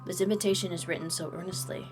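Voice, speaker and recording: A woman's voice: on the low side, fairly even intonation, fast, music in the background. A woman streaming a game playthrough, playful and bantering, laughing often while reacting to the story. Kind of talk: gameplay commentary.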